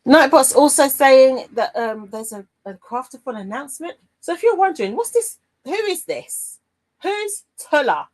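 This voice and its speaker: Chatty woman, lively voice. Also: a little high, low-quality recording. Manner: chatty and playful, warm with viewers, trails off and laughs. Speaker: craft livestream host. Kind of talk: casual chat, reading out viewer comments.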